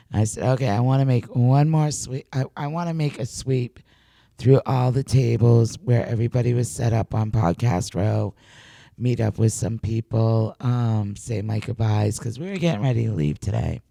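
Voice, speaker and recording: Excitable gravelly-voiced woman host. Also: very deep voice, no echo, clean studio sound. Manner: excitable storyteller, stammers and laughs. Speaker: podcast host. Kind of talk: casual recap chat.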